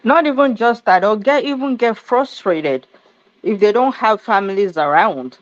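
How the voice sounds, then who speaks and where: A woman's voice: medium pitch, expressive, normal speed, no echo. A woman from Nigeria speaking emphatically in a casual panel discussion. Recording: dull, dry recording.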